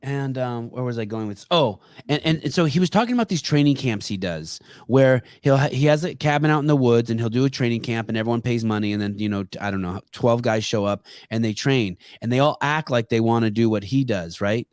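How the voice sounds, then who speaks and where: A man hosting a casual podcast, his middle-pitched voice recorded close and dry with no room sound. He stumbles into his questions, stopping and starting as he works out what he wants to ask. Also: darkish tone, clear, resonant tone, no echo. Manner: halting, restarts questions often. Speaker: podcast host.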